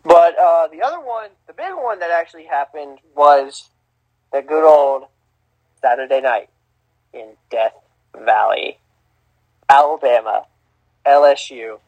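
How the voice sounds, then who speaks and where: A man's voice: fairly high pitch, unhurried, pauses often, no echo, dull audio. Emphatic man talking college football. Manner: animated, emphatic, swears freely, restarts a lot. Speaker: podcast host. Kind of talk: casual sports talk.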